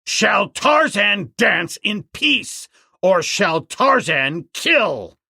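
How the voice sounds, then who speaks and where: A man voicing a proud, commanding jungle hero who declaims his challenges slowly in an audiobook. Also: high voice, sing-song, vocal fry, bright, forceful tone, husky, dry recording, clean studio sound, pitched above the performer's own voice, exaggerated voice. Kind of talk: audiobook narration.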